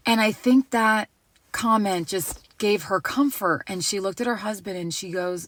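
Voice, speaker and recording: A woman casually telling a personal story to camera, animated and laughing, acting out the voices of the people in it. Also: mid-range voice, normal speed.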